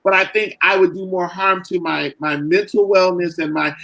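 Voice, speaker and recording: A middle-aged man, a caregiver and author, talking earnestly in a podcast interview, halting and full of "you know" and "like". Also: high voice, fairly even intonation, gravelly, pushed and bright, a little hiss or hum, low-quality recording.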